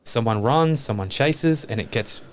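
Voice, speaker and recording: A man's voice: mid-range voice, expressive, unhurried, a little hiss or hum. A man talking openly and earnestly as a podcast guest, reflecting on his life and swearing casually.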